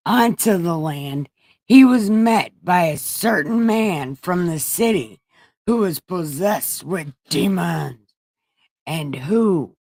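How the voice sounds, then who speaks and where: A woman's voice: lowish voice, a little mellow, no room sound. A woman reading scripture aloud with crude, joking asides, an irreverent comedic reading. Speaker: comedy Bible reader.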